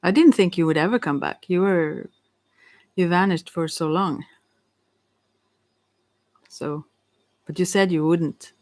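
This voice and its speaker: A woman with a Swedish accent, speaking English as a second language in a halting, casual chat, often correcting herself and laughing. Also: fairly low pitch, a little mellow. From Sweden. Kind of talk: casual one-sided chat, reading aloud.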